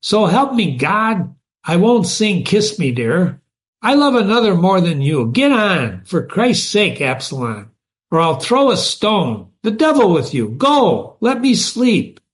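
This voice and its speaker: A sharp-tongued young woman who scolds and mocks with scorn, as a male reader puts her on. The voice is pushed well up in pitch and a bit louder than his narration. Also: sing-song, slow, full character voice. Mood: scornful. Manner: scolding, dismissive.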